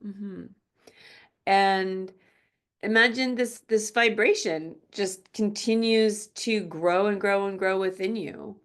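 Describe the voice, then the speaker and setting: A woman teaching a gentle yoga class, speaking softly and slowly. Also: mid-range voice. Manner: slow, soft-spoken, drifts into quiet chanting.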